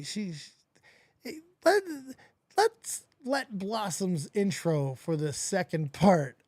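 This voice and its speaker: A man gives crude, mocking reaction commentary into a close microphone. His pitch swings widely, and the room sounds dry, with almost no echo. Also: darkish tone. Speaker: host.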